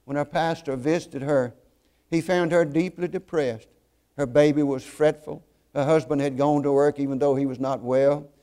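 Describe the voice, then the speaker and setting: Guy preaching a sermon, earnest storyteller, kinda high mellow voice, slows way down to hit points. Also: steady tone, clean tone.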